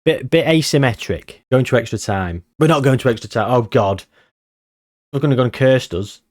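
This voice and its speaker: A man giving excitable, nervous live commentary on a game he is playing. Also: medium pitch, moderate pace. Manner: excitable, nervous, reacting loudly to match moments. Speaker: gaming channel host.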